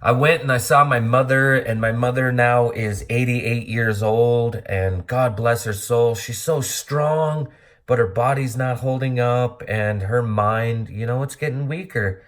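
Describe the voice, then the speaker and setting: A man's voice: medium pitch, fairly even intonation, unhurried. A middle-aged man from Montana talking earnestly and bluntly in a rambling personal monologue. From Montana, USA. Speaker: vlogger.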